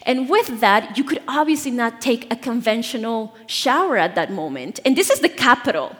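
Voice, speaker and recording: A young woman from Bolivia, preaching a lively storytelling sermon with playful asides to the congregation. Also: fairly high pitch, normal speed, big-room sound. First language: Spanish. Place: church.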